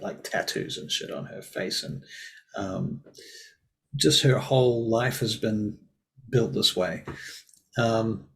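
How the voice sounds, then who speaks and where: A man's voice: mid-range voice, vocal fry, fairly bright tone, poor audio. A man running a tabletop role-playing game as game master, rambling casually and swearing freely.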